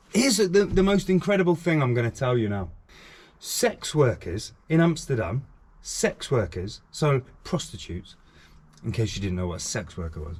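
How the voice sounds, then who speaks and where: Impassioned man, very lively pitch. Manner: earnest and impassioned, repeating phrases for emphasis. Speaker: YouTube channel host. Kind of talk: frank talking-to-camera vlog.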